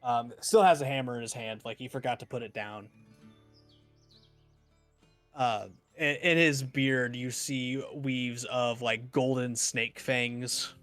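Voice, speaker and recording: A male game master describes a fantasy scene in a plain mid-range voice, stopping and restarting often. His delivery stays unadorned, and he flatly refuses to put on accents. Faint music runs underneath. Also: medium pitch. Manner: halting, many ums and restarts. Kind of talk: narrating a tabletop game.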